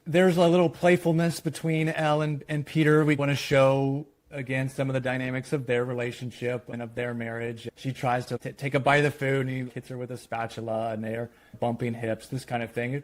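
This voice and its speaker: A man, a screenwriter, walking through a screenplay treatment in a lively retelling that quotes the characters. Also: medium pitch, fairly quick, few pauses. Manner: animated retelling, quoting characters.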